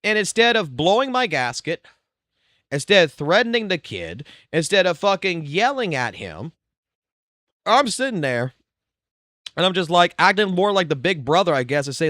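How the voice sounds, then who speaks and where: A man's voice: on the high side, expressive, a little fast, fairly bright tone, no room sound, studio quality. A man streaming live, ranting with constant swearing in a heated, blunt way. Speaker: livestreamer.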